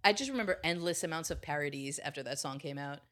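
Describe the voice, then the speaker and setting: A woman's voice: low-pitched, fast talker, fairly bright tone. A woman guesting on a podcast, chatting casually and giggling, with lots of "like". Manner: giggly, filler-heavy. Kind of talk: casual chat.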